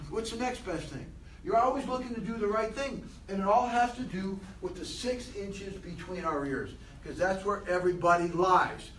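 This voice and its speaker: High voiced guy doing a motivational talk, keeps quizzing the room, roomy and far off. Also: a little hiss or hum. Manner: animated, asks the room many questions. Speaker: motivational speaker. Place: room with a group of people.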